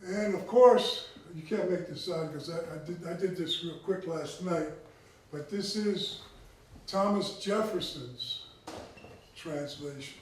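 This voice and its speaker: A man's voice: fairly high pitch, takes it slowly, slight background noise. A man who is a tribal chief giving a conversational talk, often checking in with his listeners. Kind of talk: conversational lecture. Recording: echoey room, mic far off.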